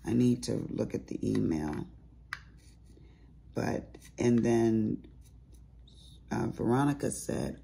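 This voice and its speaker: A woman with a raspy, deep voice chatting casually to viewers at home while she does diamond painting, full of asides. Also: slow, pauses often, mellow. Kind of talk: casual chat while crafting.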